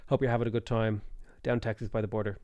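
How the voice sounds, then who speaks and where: A man's voice: on the low side, flat delivery, fast talker, a little mellow, dry recording, lo-fi sound. A man in his late twenties with a Dublin Irish accent chatting casually on a live stream while gaming, rambling, reading chat aloud and musing over game options. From Ireland.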